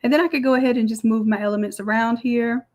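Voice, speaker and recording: Chatty woman teaching software. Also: fairly high pitch, fairly even intonation, fast. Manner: chatty step-by-step explaining, Southern "y'all". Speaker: design instructor. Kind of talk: screen-recorded software tutorial.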